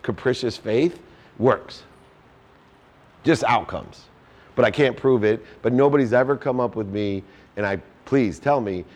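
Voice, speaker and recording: A man's voice: medium pitch, darkish tone. Preachy motivational man in his fifties. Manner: preachy, repetitive lists, acts out quoted voices. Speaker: host answering audience questions. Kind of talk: motivational Q&A talk. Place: meetup before a live audience.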